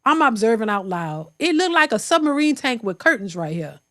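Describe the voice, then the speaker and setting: A woman reacting on her own channel in a sassy, incredulous voice that sits high. Her delivery swoops up and down with animated energy as she talks straight to her viewers. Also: fairly quick. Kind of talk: reaction commentary.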